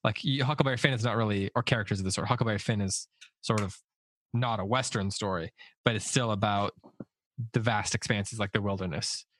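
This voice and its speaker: Low-voiced man musing over books. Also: fairly quick, fairly bright tone, dry recording. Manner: rambling, many restarts and self-corrections. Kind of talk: casual literary discussion.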